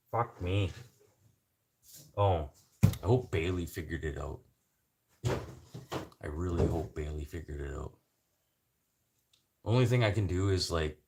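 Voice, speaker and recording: A man from Canada hosting a casual livestream chat, swearing freely and rambling between topics with sudden loud bursts. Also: rumbling low, a little hiss or hum. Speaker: livestream host.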